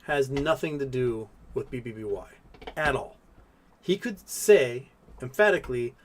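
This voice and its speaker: There's a little hiss or hum behind this medium-pitched man from Texas. He's hosting a casual livestream, going through super chats and viewer questions in a rambling, filler-heavy way, and softly cooing at his cat.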